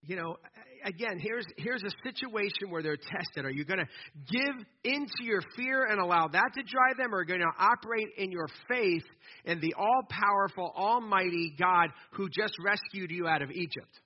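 A man with a husky, somewhat high voice delivers a conversational sermon, stumbling and restarting as he builds his point. The recording is dull and lo-fi. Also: normal speed. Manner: animated, conversational preaching with repeated false starts. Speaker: pastor.

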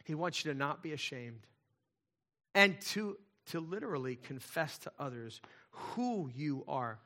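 A man preaching a sermon in a conversational way, dropping to quiet asides and rising to loud, emphatic points. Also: fairly high pitch, expressive, unhurried. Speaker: pastor.

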